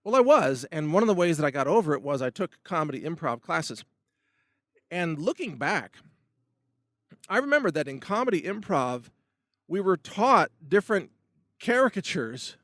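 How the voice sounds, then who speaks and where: Middle-aged guy ranting solo on his show, kinda high voice, dead dry sound. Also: no room sound. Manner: emphatic, rambling with restarts and asides. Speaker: host of a video commentary show. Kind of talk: solo opinion monologue.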